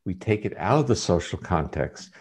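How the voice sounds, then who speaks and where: Man, guest scientist, deep voice, husky, measured lecturing explanations. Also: lively intonation, darkish tone. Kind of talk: explanatory interview talk.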